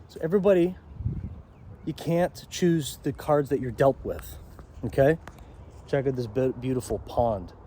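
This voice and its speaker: A man's voice: medium pitch, measured pace, long pauses, dark tone, a little hiss or hum. A man giving a rambling vlog monologue outdoors by a pond, often checking in with "okay?". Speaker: self-help vlogger.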